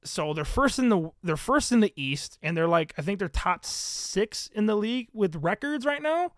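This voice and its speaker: A man's voice: high voice, animated, moderate pace, no echo, clean studio sound. A man hosting a podcast, talking in a casual, profane, ranting way about basketball. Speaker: podcast host. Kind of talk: casual sports chat.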